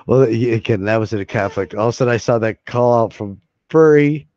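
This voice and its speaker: A man's voice: medium pitch, moderate pace, darkish tone, no echo. Rambling man on a dry, dull mic. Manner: rambling, laughing and swearing freely. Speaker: streamer hosting a live hangout. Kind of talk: casual live-stream chat. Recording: dry, slightly dull lo-fi sound.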